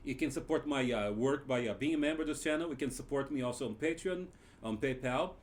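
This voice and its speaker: Male teacher, mid-pitched, unhurried lesson delivery with frequent hesitations. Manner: hesitant, many filler pauses while explaining. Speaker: Japanese language teacher. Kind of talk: language lesson.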